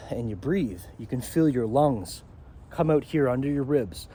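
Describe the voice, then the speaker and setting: Male self-help vlogger, mellow dark voice, rambling outdoor talk, faint background hiss. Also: mid-range voice, expressive, measured pace. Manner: rambling, asks "okay?" often. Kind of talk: walking outdoor vlog monologue. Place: outdoors beside a pond.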